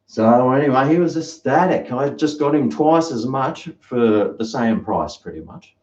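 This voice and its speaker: An Australian man rambles through stories for his live-stream viewers, his pitch rising and falling a lot. The sound is roomy and a little dull, like a home kitchen on a basic mic. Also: expressive, unhurried, a little mellow. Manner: rambling, chatty storytelling. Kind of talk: casual live-stream chat.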